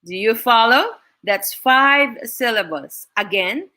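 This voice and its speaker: Lady teacher on a video call, bright high-ish voice, slow and careful, lots of "no?". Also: animated. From Philippines. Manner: encouraging, frequent "no?" tag questions. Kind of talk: online class teaching.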